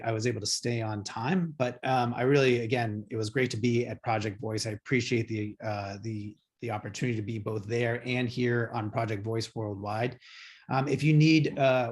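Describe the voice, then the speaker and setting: A man giving a conference talk over a video call, hesitant, with frequent fillers and restarts. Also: mid-range voice. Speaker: guest presenter.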